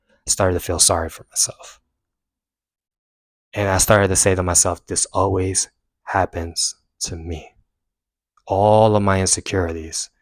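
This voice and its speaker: A young man earnestly recounting a personal story to camera, rising with emphasis and dropping quiet when he reflects. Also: deep voice, no echo. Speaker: self-help vlogger.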